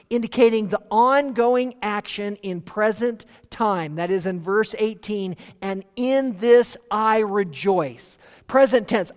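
A male pastor delivering a verse-by-verse sermon, his voice ringing with a long hall reverb. He presses words hard, then drops almost to a murmur. He reads his scripture quotes slowly and deliberately. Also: sits high. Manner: emphatic, swings from loud to hushed; slows down to read scripture aloud. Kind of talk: expository sermon.

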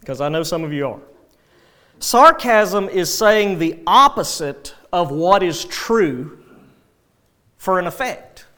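A male pastor preaching a sermon, animated, with dry sarcastic asides. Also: sits high, takes it slowly.

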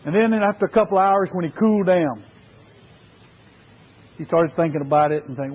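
A man's voice: a little high, a little fast, slightly rough. A man preaching an earnest sermon to fathers, using emphatic repetition. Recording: tinny phone-like sound.

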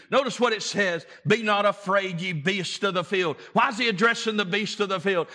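Pastor, male, high and bright voice, impassioned and repetitive, addresses the congregation directly. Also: moderate pace, hardly any pauses. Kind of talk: sermon.

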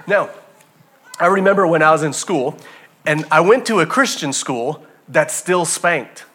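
A man preaching a sermon as pastor, telling stories with animated energy and addressing the congregation as family. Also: fairly high pitch, measured pace, husky.

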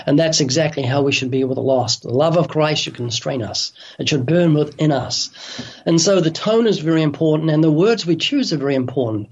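A man's voice: on the high side, lively intonation, fairly quick, darkish tone, lo-fi sound. A man speaking as an evangelist guest on a radio interview, earnest and urgent as he tells vivid illustrations.

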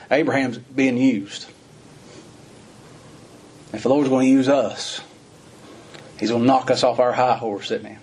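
A man preaching a sermon, reading scripture and explaining it in plain folksy talk, rising to fervent emphasis and slowing on key words. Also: a little mellow, breathy edge. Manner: rises to high, fervent emphasis and slows on key phrases; reads scripture in old-fashioned wording, then explains in plain folksy talk.

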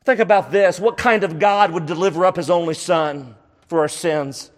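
A man's voice: sits high, moderate pace, big-room sound. A man preaching a sermon, emphatic and full of rhetorical questions, repeating phrases for stress.

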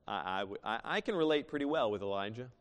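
A man pastor preaching a sermon, moving between loud emphatic bursts and soft hushed asides. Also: mid-range voice, animated, quick pace, smooth. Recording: long hall reverb.

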